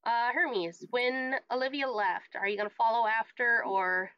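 A woman narrating a tabletop horror game as game master, halting with many restarts and quick laughs. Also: fairly high pitch, clean tone, no echo, dull audio.

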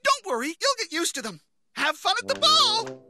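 A woman voicing an excitable male beaver who plays a fairy godfather in a children's cartoon, with theatrical spell-casting. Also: very high-pitched, moderate pace, exaggerated voice. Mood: excited. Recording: music playing under voice.

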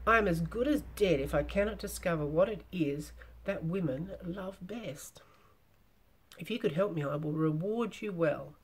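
A woman's voice: lowish voice, normal speed, husky. A woman voicing a desperate, earnest young knight in a storybook reading, formal and pleading.

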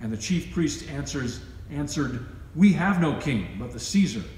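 Guy reading the bible in church, lively ups and downs, long echo tail. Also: fairly high pitch, a little slow. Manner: raises his voice for quoted speech. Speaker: scripture reader. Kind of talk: scripture reading at a worship service. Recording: echoey church with long reverb, faint hiss.

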